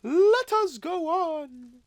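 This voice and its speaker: A man voicing a gentle, slow-spoken ghost of the past in an audiobook reading, with a high, airy, drawn-out delivery. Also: lively intonation, no room sound, heavily acted. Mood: solemn.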